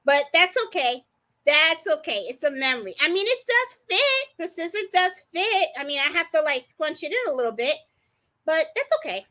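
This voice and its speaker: A woman's voice: high-pitched, very animated, moderate pace, pushed and bright. A woman hosting a live crafting stream, chatting casually, laughing often and greeting viewers by name. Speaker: livestream host.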